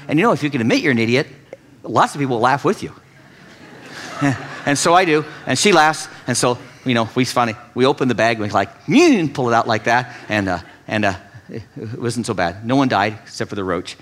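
A man preaching a sermon, telling a story with animated swings in pitch and loudness. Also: a little fast. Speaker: pastor.

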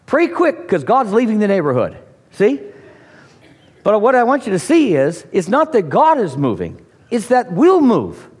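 A man preaching a sermon, emphatic and lively, often repeating words as he starts a phrase. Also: moderate pace, slightly rough. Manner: emphatic, with sudden high exclamations and dramatic pitch swings. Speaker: pastor.

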